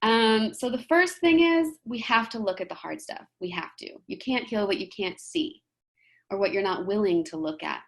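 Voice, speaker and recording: A woman giving a motivational talk in a gentle, conversational way, often checking in with "right?". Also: medium pitch, expressive, moderate pace. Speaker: presenter.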